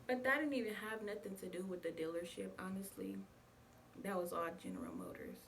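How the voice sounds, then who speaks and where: A woman's voice: mid-range voice, animated, brisk, vocal fry. A young woman chatting casually to her viewers, telling a story and calling them y'all. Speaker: vlogger. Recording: distant mic with faint background noise.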